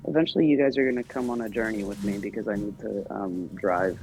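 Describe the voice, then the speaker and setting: A man's voice: lowish voice, fast, darkish tone, poor audio. A man chatting easygoing and drawn out with friends on a livestream. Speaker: streamer guest. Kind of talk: casual group chat on a livestream.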